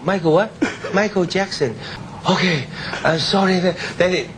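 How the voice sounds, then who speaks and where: A man guest telling a casual anecdote, loud and halting with many restarts. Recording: low rumble.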